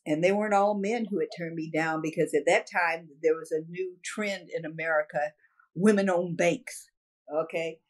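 Older woman, interviewee, animated storyteller who repeats her key points and laughs often; voice a bit low. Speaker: interviewee, businesswoman.

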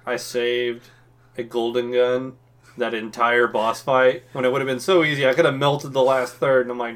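Brief: male co-host, casual gaming talk, swears freely, acts out his reactions, mid pitch. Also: little pitch movement, moderate pace, a bit bright. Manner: profane, joking, acts out reactions. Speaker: podcast co-host.

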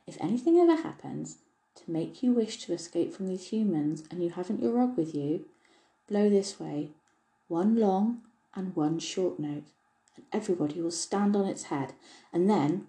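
A woman's voice: fairly low pitch, mellow, rough recording. A woman voicing a small, kind, mischievous male elf with a droll, chuckling way of talking, reading a storybook.

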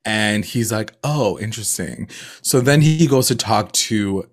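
Casual male podcast co-host, animated recap storyteller, filler-heavy. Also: fairly low pitch, unhurried. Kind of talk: casual chat.

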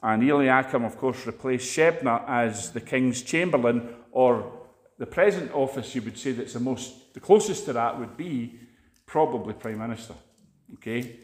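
A Scottish man preaches in a loose, chatty sermon, spinning stories as he goes. His voice sits at a middling pitch. The recording carries a noticeable roomy echo. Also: moderate pace. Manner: chatty, anecdotal storytelling. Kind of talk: conversational sermon.

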